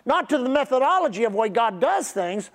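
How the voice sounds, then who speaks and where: A middle-aged pastor preaches in a very high and very animated voice, drawing out key words. He leads the congregation in repeating his phrases back to him.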